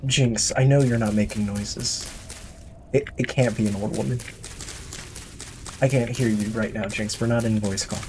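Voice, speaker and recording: A man's voice: lowish voice, fairly even intonation, normal speed, long pauses, a little mellow, slight background noise. A man streaming a survival game, rambling to himself and his chat as he explores. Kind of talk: casual gameplay commentary.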